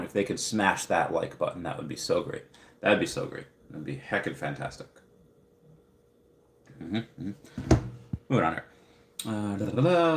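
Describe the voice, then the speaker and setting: A man's voice: on the low side, roomy sound. A young man hosting a casual livestream, reading viewer comments aloud and rambling with many fillers. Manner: rambling, filler-heavy, upbeat. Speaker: livestream host.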